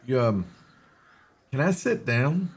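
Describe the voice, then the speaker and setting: A man's voice: mid-range voice, very animated, takes it slowly, husky, pitched above the performer's own voice, exaggerated voice. A man voicing a wounded, whiny man who pleads in a pained way. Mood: pleading.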